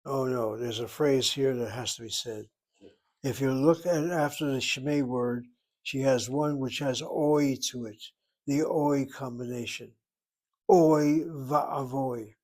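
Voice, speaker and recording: A man's voice: mid-range voice, steady tone, unhurried, darkish tone. A man teaching a Hebrew lesson, explaining grammar step by step and thinking aloud as he goes. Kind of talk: informal language lesson.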